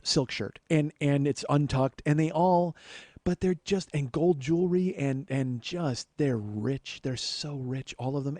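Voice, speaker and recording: A man's voice: fairly high pitch, dark tone, no room sound. A man in his forties hosting a podcast, telling a long comic story with profane, self-deprecating asides. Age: 40s. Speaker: podcast host. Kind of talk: comedic storytelling monologue.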